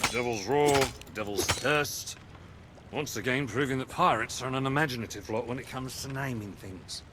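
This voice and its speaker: A swaggering pirate captain from a game, theatrical and slurring. His pitch swoops up and down in lively arcs. Faint noise sits underneath. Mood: wry. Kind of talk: game character dialogue.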